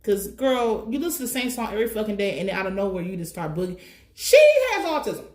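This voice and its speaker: A woman giving a casual, blunt and profane recap of a TV episode, telling it in an animated way. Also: mid-range voice, very fast, echoey room, a little hiss or hum. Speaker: TV recap commentator.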